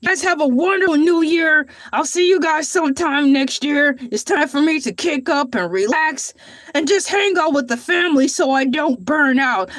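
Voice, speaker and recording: Woman doing a bragging male shark host, very high voice, grandiose, rambling, self-praising, dry close sound. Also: no room sound. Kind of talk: character livestream show.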